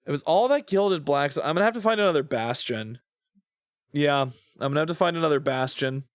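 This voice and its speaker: A man's voice: fairly high pitch, fairly quick, no room sound, studio quality. A man streaming a video game, talking to himself and to chat, groaning and sighing over what he has lost. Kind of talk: casual gaming livestream commentary.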